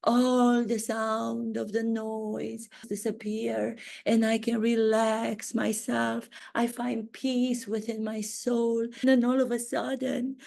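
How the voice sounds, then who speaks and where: A woman putting on a vain, self-pitying duchess in a satirical impression, speaking slowly and theatrically. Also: on the high side, flat delivery, vocal fry, a little mellow. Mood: dreamy. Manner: slow, grandiose, theatrical delivery with drawn-out words. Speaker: acting coach.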